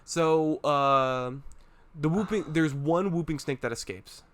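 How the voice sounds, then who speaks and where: A young man co-hosting a podcast in casual chat, excitable, laughing often and acting out scenes as he tells them. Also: on the high side, slow, smooth. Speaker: podcast co-host.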